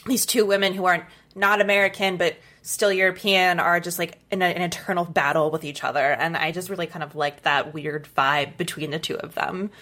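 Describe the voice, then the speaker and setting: A woman's voice: on the low side, steady tone, a little fast, few pauses, sharp tone. A woman co-hosting a casual podcast, musing aloud with many "like"s. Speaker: podcast co-host. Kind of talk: casual chat.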